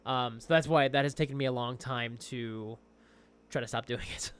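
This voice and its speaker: A young man chatting casually on a livestream as a game master, rambling and excitable. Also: medium pitch, normal speed, a little hiss or hum.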